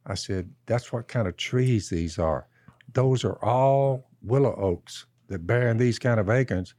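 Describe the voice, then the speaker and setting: A man speaks at a mid pitch, unhurried and folksy. He keeps stringing his story along with "I said," as if teaching from the pulpit. The sound is dry and close, with no room echo. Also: a little mellow. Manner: slow, drawn-out storyteller who keeps repeating "I said". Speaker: podcast co-host.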